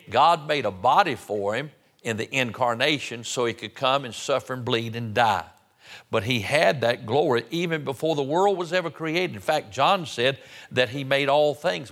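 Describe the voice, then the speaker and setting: Preacher man in church, middle pitch, slows way down to stress the scripture, folksy little restarts. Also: a bit bright. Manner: slow, emphatic reading of scripture with rising stress on key words. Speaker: pastor. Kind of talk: sermon. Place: church sanctuary.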